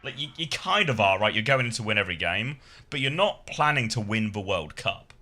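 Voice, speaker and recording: A man's voice: lowish voice, sing-song, brisk, sharp tone. A man casting esports, tired after a sleepless night, rambling and swearing with frequent laughs. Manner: rambling, profane, laughs often. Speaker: esports caster. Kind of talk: casual commentary chat.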